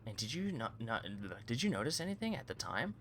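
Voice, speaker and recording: A man's voice: medium pitch, very animated, fairly quick, noisy background, natural voice. A man reading the lines of a polite, earnest young male law student who hesitates and stumbles over his words.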